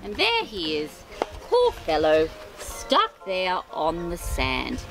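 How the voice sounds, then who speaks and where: A woman's voice: on the low side, takes it slowly, low-quality recording. Sing-song woman reading a storybook. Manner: expressive, sing-song reading with gasps of sympathy. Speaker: storytime host. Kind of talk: children's storybook read-aloud with chatty asides. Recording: reading over background music. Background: music.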